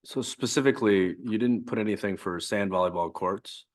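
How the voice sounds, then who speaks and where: A commissioner at a public meeting giving blunt feedback, with a dry, sarcastic streak. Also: male voice, fairly low pitch, moderate pace.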